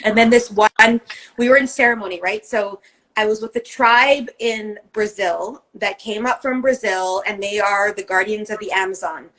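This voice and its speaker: A woman's voice: medium pitch, steady tone, normal speed, fairly bright tone, low-quality recording. A woman co-hosting a podcast in casual chat, telling a long personal story in a rambling, emphatic way and swearing often. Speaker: co-host.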